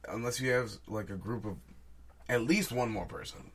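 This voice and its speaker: A man's voice: mid-range voice, normal speed, a bit bright. A young man co-hosting a casual gaming podcast, talking in a laid-back way with some swearing. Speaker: podcast co-host.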